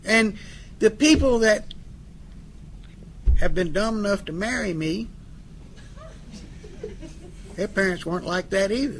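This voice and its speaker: Under a faint hiss of background noise, a middle-aged man with a fairly high, gravelly voice gives a storytelling talk on addiction recovery to a live audience. He's folksy and joking, voicing both sides of a couple's quarrels.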